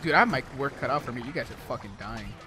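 A young man giving live co-op gameplay commentary over a headset, excitable, swearing a lot and rapidly repeating himself. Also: medium pitch, background noise. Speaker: gaming channel host.

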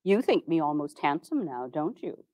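A woman voicing a kindly, wry older 1860s president in a slow, gentle, teasing way. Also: low-pitched, big pitch swings, no room sound, pitched below the performer's own voice.

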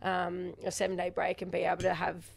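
Aussie woman, chatty co-host, bit of vocal fry. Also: on the low side, monotone, a little fast. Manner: chatty, playful, laughs a lot. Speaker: co-host, footballer. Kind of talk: casual chat.

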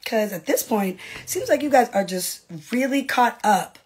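A woman's voice: fairly high pitch, expressive, a little slow, a little mellow, husky. A woman, a reality TV personality, in a casual livestream rant to her fans, brash and profane with mocking asides.

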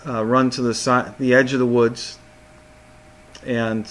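A man's voice: medium pitch, flat delivery, a little slow, fairly bright tone. A man narrating as game master of a tabletop game, often repeating words as he goes.

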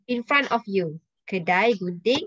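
A woman's voice: mid-range voice, lively intonation, a little slow, a bit bright, no room sound. Malaysian lady teaching a class, asks lots of questions, throws in "lah", dry close sound, kinda muffled. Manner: mixes in Malay words and "lah", quizzes students. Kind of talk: online language lesson. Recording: dull lo-fi dry voice.

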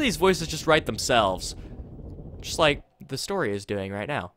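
A man's voice: medium pitch, very animated, measured pace, a bit bright, a little hiss or hum. A man rambling and joking while commentating a video game playthrough. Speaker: let's play host. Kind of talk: gameplay commentary.

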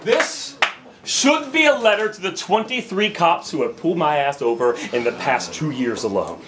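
A man's voice: fairly high pitch, expressive, normal speed, reverberant, far from the mic, noisy background. A man with an American accent performing slam poetry on a bar lounge stage, rhythmic, emphatic and profane. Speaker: performance poet.

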